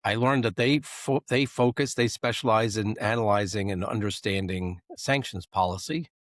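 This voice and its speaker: A man's voice: lowish voice, dry recording, studio quality. A man hosting a podcast in a joking, conversational way, often restarting his sentences. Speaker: podcast host. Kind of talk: casual podcast chat. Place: Washington, D.C.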